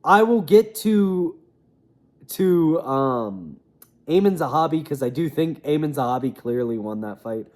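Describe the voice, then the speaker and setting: A young man with a slightly high voice talks through fight results in a loose, opinionated ramble. He often drops off into quiet mumbles at the ends of his thoughts. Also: animated, a little slow. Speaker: MMA commentator. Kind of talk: casual fight recap.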